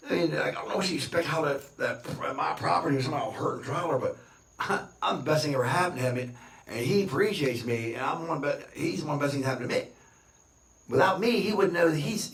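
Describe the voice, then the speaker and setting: A man's voice: on the high side, fairly bright tone. Boastful ranting man, roomy and distant. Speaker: vlogger. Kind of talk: rambling monologue to camera.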